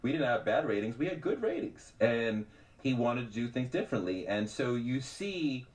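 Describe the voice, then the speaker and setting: A middle-aged man telling stories as a guest on a radio show, animated and quick to act out the people he quotes. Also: mid-range voice. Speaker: podcast host and journalist guest. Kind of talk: radio interview conversation.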